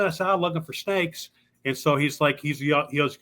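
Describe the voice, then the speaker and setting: A man's voice: on the high side, a little fast, a bit bright. A man telling stories as a podcast guest in a folksy, drawling way, acting out the voices of the people he met. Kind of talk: casual storytelling. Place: lives in Louisville.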